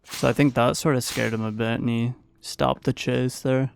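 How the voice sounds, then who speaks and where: Gravelly man narrating gameplay. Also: medium pitch, fairly even intonation, moderate pace, slight background noise. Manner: casual, playful play-by-play recap. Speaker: gaming YouTuber. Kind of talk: gameplay commentary voice-over.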